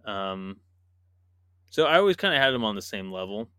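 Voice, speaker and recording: A man's voice: on the low side, big pitch swings, moderate pace, fairly bright tone, clean tone, no echo, clean studio sound. A man co-hosting a casual sports podcast, talking animatedly, laughing and acting out imagined quotes. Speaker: podcast co-host.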